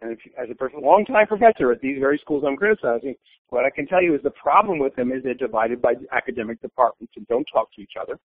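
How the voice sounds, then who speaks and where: Older guy being blunt and opinionated, lively up and down voice, tinny phone sound. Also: medium pitch, fast talker, breathy edge, no echo. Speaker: guest. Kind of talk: conversational interview.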